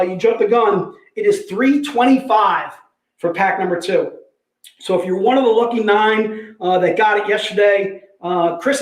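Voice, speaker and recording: High-voiced energetic man in an echoey room. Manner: energetic, joking, repeats "all right". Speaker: livestream host selling comic packs. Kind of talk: casual sales livestream chat.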